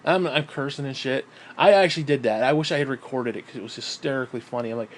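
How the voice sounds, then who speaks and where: This author chats about his books at a quick clip in a mid-range voice. The talk meanders, is full of profanity, and keeps trailing off into "um"s and similar fillers.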